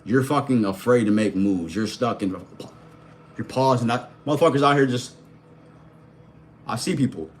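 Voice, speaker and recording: A man in his thirties delivering a motivational rant to camera, swearing freely and dropping slang as he talks. His pitch sits in an ordinary middle range. He throws blunt questions straight at the listener. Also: normal speed, long pauses, slight background noise. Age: 30s. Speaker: vlogger and life coach.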